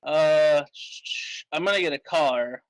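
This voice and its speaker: A man playing a tabletop role-playing game, excitable and quick to swear, with frustrated outbursts. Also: on the high side, dry recording. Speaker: player.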